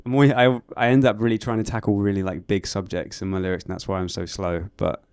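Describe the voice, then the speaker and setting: A band member giving casual interview answers, hesitant and searching for words with frequent fillers. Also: male voice, fairly low pitch, flat delivery, fast, darkish tone, clear, resonant tone, dry recording.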